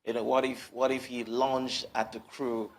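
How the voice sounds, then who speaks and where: A male journalist speaking on a live TV interview from a remote line, measured and forgiving. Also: medium pitch, little pitch movement.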